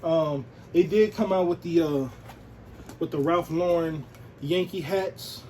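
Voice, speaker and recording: Brief: male vlogger, relaxed slangy show-and-tell, slightly raised pitch. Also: takes it slowly, slight background noise, low-quality recording. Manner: laid-back, slangy, peppered with "you know what I'm saying". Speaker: sneaker and streetwear vlogger.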